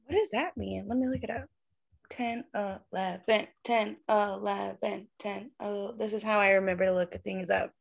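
A woman co-hosting a casual podcast chat over a video call, animated and quick to laugh. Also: mid-range voice, vocal fry. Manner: giggly, animated, laughs often. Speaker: podcast co-host and tarot reader.

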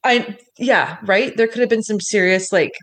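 Speaking at normal speed in a medium-pitched, somewhat bright voice, a woman co-hosts a podcast over a video call. She recaps an episode in a playful, chatty way, full of fillers.

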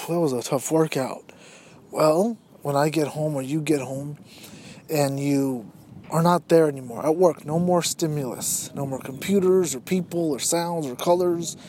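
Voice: mid-range voice, darkish tone. A podcast host giving a motivational monologue, firing rhetorical questions straight at listeners and acting out bits of everyday dialogue. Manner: acts out imagined everyday dialogue.

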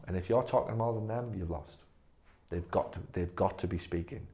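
A man's voice: low voice, normal speed, mellow. A man leading a staff training session, blunt and emphatic, swearing freely. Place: physio clinic room.

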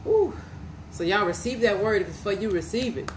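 A woman preacher speaks with fervent conviction on her own podcast, delivering a prophetic word to her listeners. Her voice sits at a middling pitch for a woman, and she returns again and again to the same phrases. A faint hiss runs beneath her voice. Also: moderate pace. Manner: fervent, repetitive, punctuated with hallelujahs; speaks directly to listeners as "y'all".

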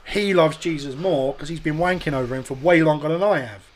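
A man telling a sweary, animated story on a casual podcast chat, acting out other people's voices. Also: fairly high pitch, fairly quick, over a noisy crowd. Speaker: podcast host.

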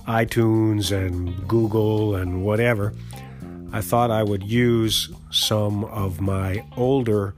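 In a casual English lesson, an American podcast host with a lowish, darkish voice explains expressions for learners. His manner is chatty and friendly.

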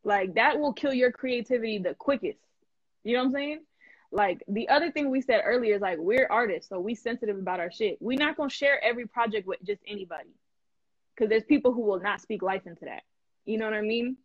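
A woman hosting a live stream in casual chat, animated and emphatic, laughing often and full of slang. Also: fairly high pitch, a little fast, no echo, highs cut off. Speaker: host.

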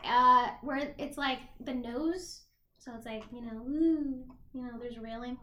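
A woman's voice: fairly high pitch, a little slow, roomy sound. A young woman co-hosting a casual podcast, swearing freely and retelling scenes while snacking. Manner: swearing, animated storytelling, eating while talking. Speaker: podcast co-host. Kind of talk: casual chat.

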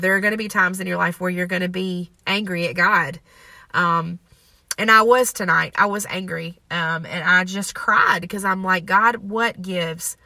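A woman's voice: medium pitch, gravelly, bright, forceful tone, no room sound. A young woman hosting a faith podcast, talking in an earnest, emotional and confessional way. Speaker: podcast host. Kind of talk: personal faith podcast talk.

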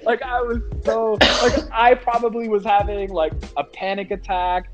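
A man's voice: sits high, level tone, moderate pace, faint music behind. A man telling a story in a casual chat, loose and profane, with lots of fillers.

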